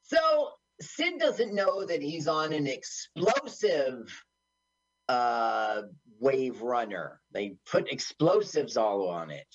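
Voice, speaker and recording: Slow-talking husky man riffing on a movie. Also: medium pitch, sing-song, dry recording, muffled recording. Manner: joking, acts out movie lines in silly voices. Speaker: podcast co-host. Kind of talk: casual movie commentary chat.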